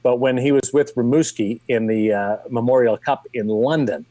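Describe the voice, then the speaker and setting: A man's voice: mid-range voice, moderate pace, mellow, no echo. Dry-miked Canadian man telling stories. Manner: rambling, many restarts and fillers. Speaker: TV hockey host, guest. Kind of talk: casual storytelling.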